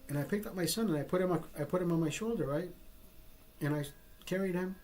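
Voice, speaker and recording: The vlogger here has a high, slightly mellow voice and a quick pace. Swearing freely, he rambles through a personal anecdote and keeps breaking off to start over.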